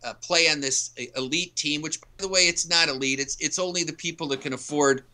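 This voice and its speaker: This man is a guest in a casual interview. He speaks with a very bright, cutting tone and carries his points with earnest, emphatic storytelling. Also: fairly high pitch, fairly quick. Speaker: author and youth coach, interview guest.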